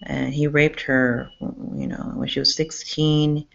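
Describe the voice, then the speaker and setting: Gravelly woman ranting, agitated and profane. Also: sits low, steady tone, slow pace. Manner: agitated, rambling, profane, restarts sentences. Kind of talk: rambling monologue to camera. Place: public campus building indoors. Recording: dull lo-fi sound.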